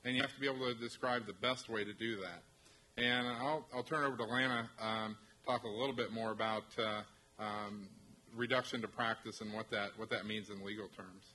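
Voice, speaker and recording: A man from a university technology transfer office presenting to faculty, halting, with many restarts and fillers. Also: lowish voice, steady tone, bright, forceful tone, slight background noise, low-quality recording.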